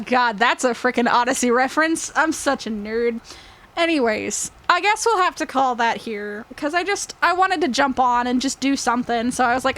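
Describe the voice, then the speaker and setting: A woman's voice: fairly high pitch, fairly bright tone. A young woman gaming YouTuber chatting to her viewers, emotional and rambling, laughing often and filling with "like". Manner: rambling with many fillers. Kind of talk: casual chat to viewers.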